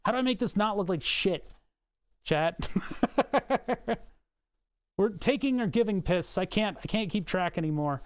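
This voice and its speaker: A man's voice: high voice, measured pace, pauses often, smooth. Rambling, joking male streamer. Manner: rambling, joking asides to chat, self-mocking. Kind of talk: casual livestream chat while designing.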